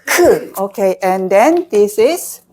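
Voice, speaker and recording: A woman with a Korean accent leads a pronunciation lesson at a very unhurried pace. She drills each syllable again and again so learners can repeat it after her. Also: mid-range voice, lively intonation, darkish tone, a little hiss or hum. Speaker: Korean language teacher. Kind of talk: slow, patient pronunciation lesson.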